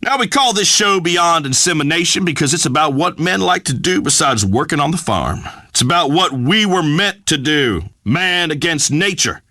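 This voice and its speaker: A man's voice: a little high, sharp tone, no room sound. A man voicing a brash, pompous redneck talk radio host, middle-aged, holding forth on air in a scripted comedy bit. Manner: blustering, pompous pronouncements.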